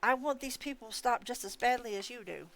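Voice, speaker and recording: Woman doing a gruff wizard detective guy, clipped and pushy, no-nonsense. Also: on the high side, brisk, a bit bright, no room sound, pitched above the performer's own voice. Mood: soothing. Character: gruff, dry-humored male wizard investigator.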